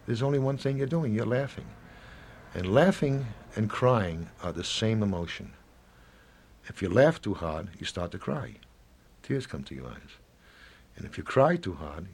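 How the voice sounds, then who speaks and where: A man in his seventies speaking in an interview, rambling and halting, often acting out little snatches of dialogue. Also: on the low side, darkish tone, a little hiss or hum. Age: 70s. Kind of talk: reflective interview talk.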